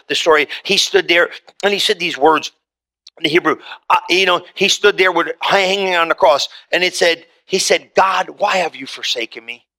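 A man preaching a sermon as pastor, swinging from forceful lines to hushed ones and repeating words as he builds. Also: a little high.

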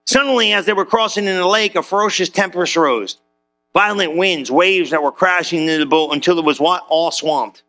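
A man preaching to his church in a lively, conversational way, mixing slang with questions to the crowd. His voice sits high and bright, with a gravelly edge. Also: brisk. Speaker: pastor. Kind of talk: sermon.

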